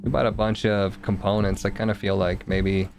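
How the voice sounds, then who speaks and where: Low-voiced man joking through a game stream. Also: little pitch movement, moderate pace. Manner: joking, muttering to himself and the game. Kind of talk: casual gameplay commentary.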